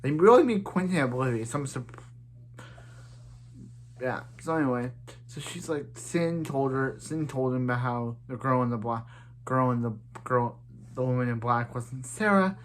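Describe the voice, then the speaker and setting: A man's voice: medium pitch, animated, moderate pace, slight background noise. Rambling man recapping a TV episode. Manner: rambling, many restarts and "yeah, so" fillers. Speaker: TV episode reviewer.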